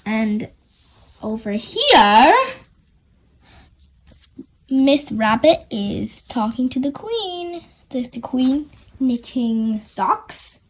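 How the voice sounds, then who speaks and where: Slow, lively woman reading to kids. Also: on the high side, breathy edge, poor audio. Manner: chatty, asides to young listeners. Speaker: storyteller for children. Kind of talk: children's storybook read-aloud.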